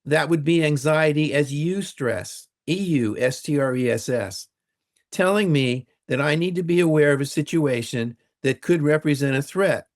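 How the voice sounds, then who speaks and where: A man's voice: on the high side, moderate pace. Methodical older man explaining emotions. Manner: methodical, spells out terms letter by letter. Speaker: expert guest, retired university teacher. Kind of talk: explanatory interview talk.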